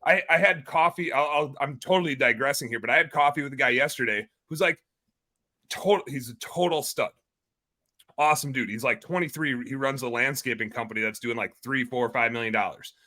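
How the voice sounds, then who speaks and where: A man in his thirties, a guest entrepreneur on a podcast, talking in an energetic, excitable way and swearing casually. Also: mid-range voice, brisk.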